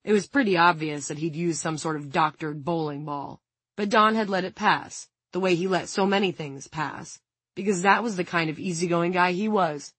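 A woman reading an audiobook in a measured, dramatic narration. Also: lowish voice, fairly bright tone, breathy edge, no room sound.

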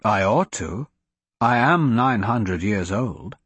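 A man reading an audiobook, voicing an ancient, cryptic male wizard who speaks in a measured, grave and blunt way. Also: lowish voice, expressive, a bit bright, husky, no room sound, exaggerated voice. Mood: calm. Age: older.

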